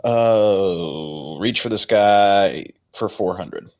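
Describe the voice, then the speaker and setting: A man's voice: fairly low pitch, extremely slow, a little mellow. A man playing as a contestant in a casual trivia game, picking categories and joking playfully. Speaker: podcast host, contestant.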